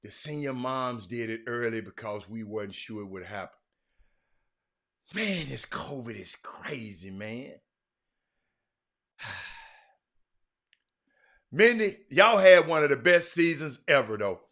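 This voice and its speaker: Bright-voiced man hosting a livestream. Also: medium pitch, expressive, takes it slowly, pauses often. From Houston, Texas. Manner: chatty, talks to viewers by name, frequent restarts. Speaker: livestream host. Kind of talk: casual livestream chat reading viewer comments.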